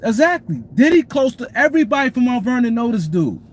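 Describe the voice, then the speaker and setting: A man's voice: extremely high pitch, big pitch swings, brisk. A man hosting a casual sports talk stream, repeating points and greeting viewers by name. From New York City. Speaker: show host. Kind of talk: casual sports commentary livestream.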